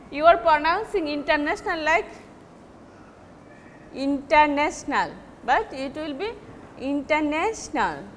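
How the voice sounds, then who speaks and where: A woman with a Bangladeshi English accent gives a classroom lecture on word stress, pausing often and repeating example words. Her voice is high and bright. The reverberant room carries a faint hum of ambience. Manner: slow, halting explanation with repeated example words. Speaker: English teacher.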